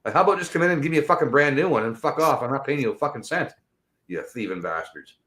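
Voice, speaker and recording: A man with a middle-pitched voice venting in a profane, blunt rant. He swears hard and talks over his grievances with rising anger. It sounds like a casual podcast chat. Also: expressive, fast talker, a bit bright. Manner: blunt, angry ranting with heavy swearing. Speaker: podcast co-host.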